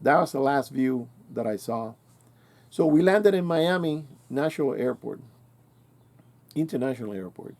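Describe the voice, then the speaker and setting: A man in his sixties tells an old story at his own pace in a warm, dark-toned voice. His talk is loose and colloquial, full of restarts and self-corrections. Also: mid-range voice, animated, normal speed, creaky, long pauses. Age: 60s. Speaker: channel host. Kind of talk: casual storytelling monologue.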